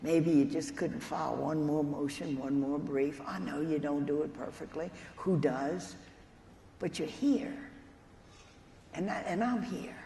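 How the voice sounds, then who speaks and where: A nun with a low, creaky, warm voice speaks a little slowly as she tells stories earnestly during a conference keynote for an audience of lawyers, addressing them directly. Faint room noise and hall echo are audible.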